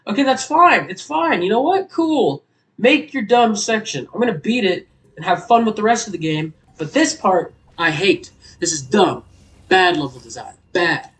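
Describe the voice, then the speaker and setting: A man giving loud, exasperated gameplay commentary as a gaming YouTuber. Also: sits high, big pitch swings, moderate pace, recorded from a distance, rough recording.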